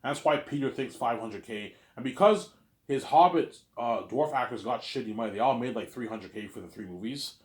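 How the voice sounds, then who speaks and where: A man's voice: mid-range voice, moderate pace, reverberant. A man in a casual, rambling monologue, often repeating "you know what I'm saying". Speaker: vlogger.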